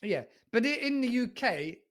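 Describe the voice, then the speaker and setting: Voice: medium pitch, big pitch swings, normal speed. Chatty interview host. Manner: rambling, with many restarts and a chatty tone. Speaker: host of an English-learning channel. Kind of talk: casual interview chat.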